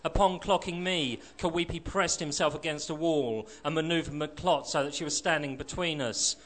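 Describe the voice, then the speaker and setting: A man's voice: fairly high pitch, moderate pace, fairly bright tone. Man reading a sardonic short story. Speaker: reader.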